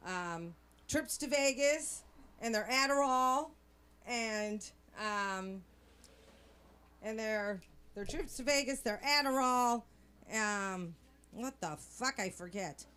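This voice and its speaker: A woman's voice: on the high side, expressive, bright, forceful tone, smooth. A middle-aged woman doing a brash, bawdy stand-up set. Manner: brash, bawdy, slow deliberate delivery. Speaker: stand-up comic.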